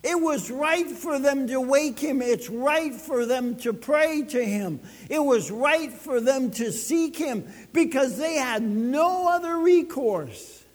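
A man preaching a sermon, telling a story with dramatic swings between loud and soft. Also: very high-pitched, lively intonation, takes it slowly, few pauses, long reverb tail. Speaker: pastor.

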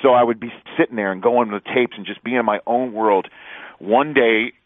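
A sports broadcaster tells stories as a guest in a casual interview, laughing often and acting out quotes in animated fashion. His medium-pitched voice moves a little fast, and the dry recording has no echo and sounds like a phone line.

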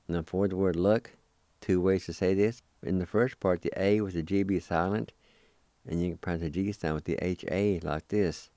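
A low-voiced man from Oklahoma, United States, a language teacher and radio host, gives a slow spoken vocabulary lesson at a steady, normal speed. With patient repetition, he spells and pronounces words syllable by syllable. His tone is dark, with no echo.

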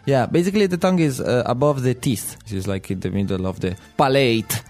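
A man's voice: medium pitch, brisk, darkish tone, soft background music. Hesitant man with Italian accent. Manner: hesitant, searches for words, chuckles often. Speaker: language podcast co-host. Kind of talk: casual teaching chat.

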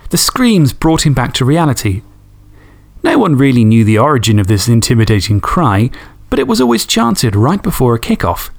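A man's voice: medium pitch, very animated, moderate pace, vocal fry. A man hosting a podcast, reading fan stories and chatting enthusiastically, swearing casually. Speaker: podcast host.

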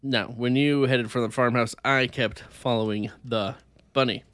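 A man's voice: mid-range voice, fairly even intonation, normal speed, a bit bright, no room sound, clean studio sound. A man co-hosting a podcast over video call, playfully reading a gamebook aloud and laughing often. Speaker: podcast co-host.

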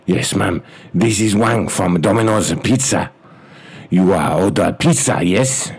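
A man voicing a bumbling male pizza-shop caller who speaks stiff, broken English on a prank phone call, with a low, husky voice. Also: unhurried, full character voice. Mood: grave. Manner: clipped broken-English phrasing, stiff and formal.

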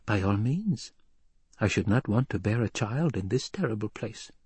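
A man voicing a cunning, scheming noblewoman in an audiobook, speaking soft, hushed and measured. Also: fairly low pitch, expressive, breathy edge, dry recording. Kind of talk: audiobook character voice.

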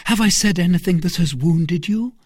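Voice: medium pitch, moderate pace, darkish tone, no echo, studio quality, pitched above the performer's own voice, natural voice. A reader voicing an earnest young novice nun in a storybook reading, with a raised, eager character voice.

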